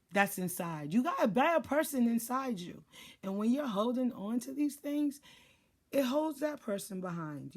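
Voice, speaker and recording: A woman giving casual life advice in a blunt, profane monologue, acting out what people say. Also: medium pitch. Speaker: life and spiritual advisor.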